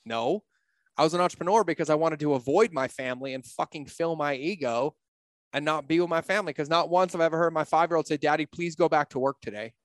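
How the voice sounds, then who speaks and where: A man's voice: on the high side, fast talker, dry recording, clean studio sound. A man in his thirties, a business coach and guest on a podcast, talking in a blunt, candid way and swearing freely. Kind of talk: casual podcast conversation.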